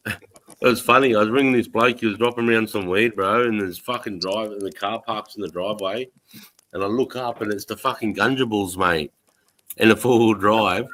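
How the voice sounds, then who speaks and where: This is a man with an Australian accent hosting a live chat stream. His voice has a bright, forceful edge. He spins rough, profanity-heavy yarns and greets viewers by name as they drop in. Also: on the low side, moderate pace. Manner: swearing, laughing storyteller, greets viewers. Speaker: livestream host. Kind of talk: casual chat.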